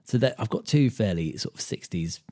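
A British man hosting a solo podcast, casually explaining guitar rhythm and thinking out loud, with frequent ums and beats counted aloud. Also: fairly low pitch, lively intonation, moderate pace. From United Kingdom. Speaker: podcast host and guitar teacher.

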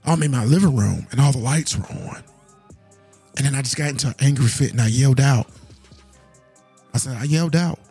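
A man's voice: mid-range voice, brisk, long pauses, warm tone, husky, soft background music. A man hosting a podcast, earnestly telling a personal story in a casual, conversational way and speaking straight to his listeners. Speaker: podcast host.

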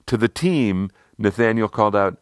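Lively low-voiced male narrator. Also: moderate pace, clean tone, dry recording, clean studio sound. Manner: expressive storytelling. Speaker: narrator and leadership consultant. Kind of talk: scripted story narration.

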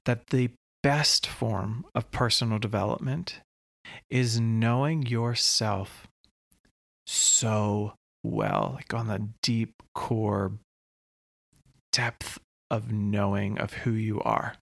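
A man hosting his own podcast, talking slowly and earnestly in a reflective solo monologue with long pauses. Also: fairly low pitch, animated, gravelly, no room sound, studio quality. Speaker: podcast host.

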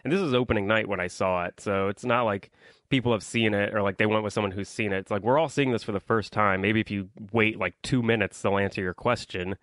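A man's voice: on the low side, quick pace, a bit bright, no echo. A young man hosting a solo podcast, rambling through a casual movie review with lots of ums and likes while complaining about his audience. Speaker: podcast host.

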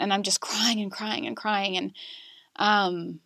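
A woman guest in a podcast interview, candidly recounting a painful personal story in a halting, emotional way. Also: mid-range voice, fairly even intonation, gravelly, sharp tone, no room sound.

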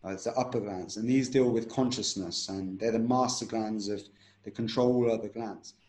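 A man's voice: lowish voice, fairly even intonation, normal speed, a little mellow, roomy sound. A man teaching a breathing technique in an interview, instructive and repetitive, often checking in with "right?".

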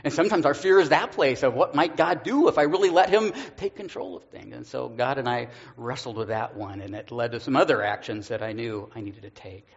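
An earnest male pastor tells a personal story from the pulpit, stumbling over his words now and then and laughing at himself. His voice sits at an ordinary pitch. The recording sounds dull and lo-fi. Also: fairly quick, vocal fry, hardly any pauses. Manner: earnest, self-deprecating, with stammered restarts and laughs. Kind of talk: personal testimony in a sermon.

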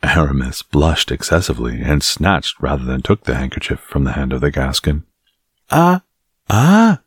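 Very deep, husky male narrator. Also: fairly even intonation, a little fast, fairly bright tone, no room sound, studio quality. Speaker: audiobook narrator. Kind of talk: scripted narration.

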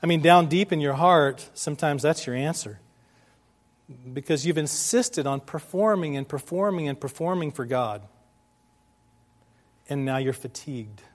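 A man's voice: fairly high pitch, normal speed, long pauses. A man preaching a sermon to his congregation in a conversational way, often asking them questions. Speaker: pastor.

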